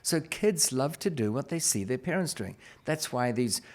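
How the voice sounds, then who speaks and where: Lively middle-aged male storyteller. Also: medium pitch, moderate pace. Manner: lively, acts out quoted dialogue. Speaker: investor guest telling a story. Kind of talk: casual anecdotal storytelling.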